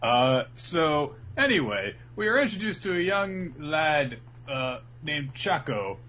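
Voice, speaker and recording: A man's voice: on the high side, takes it slowly. A man co-hosting a podcast, casually recapping an episode and acting out the characters as he goes. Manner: animated storytelling, acting out characters. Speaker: podcast co-host.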